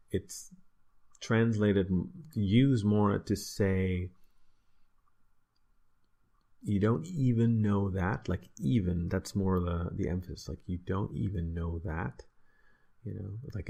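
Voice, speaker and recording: Low gravelly man teaching, slow and relaxed. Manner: explaining with many fillers and "right?". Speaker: language teacher. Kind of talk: casual spoken lesson.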